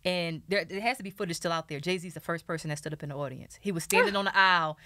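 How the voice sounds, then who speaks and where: A woman podcaster in casual chat, telling stories in an animated way with lots of "like". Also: on the low side, fast talker, no echo, studio quality.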